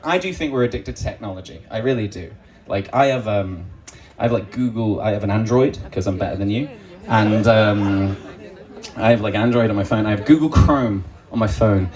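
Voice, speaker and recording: A man's voice: medium pitch, darkish tone, rough recording. A man doing a stand-up comedy set, joking crudely and acting out quoted voices. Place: comedy club stage before an audience.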